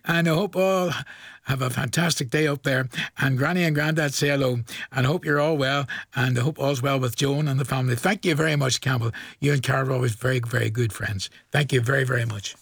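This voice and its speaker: A man's voice: mid-range voice, fairly even intonation, fairly quick, vocal fry, fairly bright tone, slightly rough, no echo, studio quality. A man in his forties with a Northern Irish accent, presenting a local radio request show in a chatty, jokey way and chuckling often. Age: 40s.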